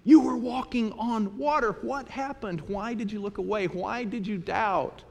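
Preacher doing jesus, gentle guy, soft earnest questions, kinda high, big hall echo. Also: a little slow, gravelly, heavily acted. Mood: coaxing. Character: Jesus, gentle man coaxing a faltering follower. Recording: long hall reverb.

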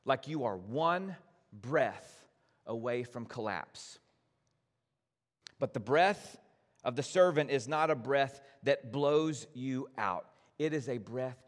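A man preaching a sermon as pastor, gentle and earnest, addressing his congregation directly. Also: mid-range voice, big-room sound.

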